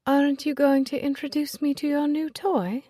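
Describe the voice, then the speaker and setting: A woman's voice: high voice, flat delivery, moderate pace, dark tone, no room sound, clean studio sound, voice pushed up, close to an everyday voice. A woman voicing a cold, catty young noblewoman with a light, delicate voice, sweetly spiteful. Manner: sweetly spiteful, smiling while cutting.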